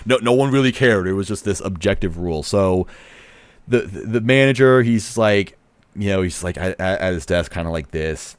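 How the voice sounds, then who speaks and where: A young man tells a long personal story in a loose, rambling way, full of "like" and false starts. His voice sits low and sounds smooth and clear. The recording is dry and close, with no room sound. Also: moderate pace, no echo. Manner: rambling, lots of fillers and restarts, nervous laughs; acts out others' lines in quoted voices. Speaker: vlogger recounting a festival trip. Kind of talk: casual storytelling to camera.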